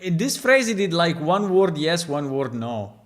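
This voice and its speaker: A man's voice: on the high side, big pitch swings, moderate pace. Man thinking aloud as he tests game lines. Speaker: game developer. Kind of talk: casual live-stream commentary.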